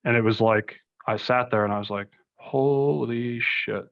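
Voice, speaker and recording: A man's voice: fairly low pitch, level tone, fast talker. A young man, a podcast guest, rambling through casual stories with lots of fillers and asides. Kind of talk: casual conversation. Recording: slightly muffled recording.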